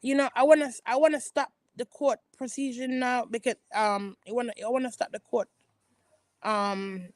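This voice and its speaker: A whiny grown man pleads with his mother, emotional and complaining, as a woman vlogger quotes him. The voice stays close to her own, only a little higher. The sound is dry. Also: steady tone, moderate pace, no room sound, close to an everyday voice. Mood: whining. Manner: whining, emotional.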